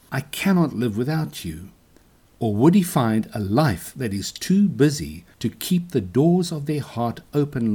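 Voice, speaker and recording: A man preaching a sermon in a measured, earnest way, ending in a prayer. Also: mid-range voice, darkish tone, husky. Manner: measured, earnest preaching with slow emphatic questions. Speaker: pastor.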